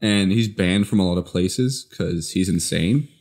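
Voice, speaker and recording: Low-voiced, halting male podcast co-host. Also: a little mellow. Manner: halting, filler-heavy storytelling. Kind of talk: casual chat.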